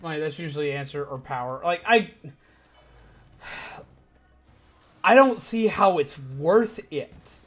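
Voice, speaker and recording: Streamer casting: young man, high voice, rambly, excitable. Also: takes it slowly, pauses often, faint music behind. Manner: rambling, animated, swears freely. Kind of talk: casual gaming commentary.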